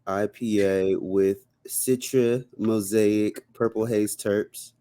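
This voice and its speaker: A man's voice: fairly low pitch, fairly even intonation, slow, mellow. A man from San Diego, a podcast guest talking in a laid-back, slangy way. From San Diego, California. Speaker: guest, brewery founder. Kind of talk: casual chat.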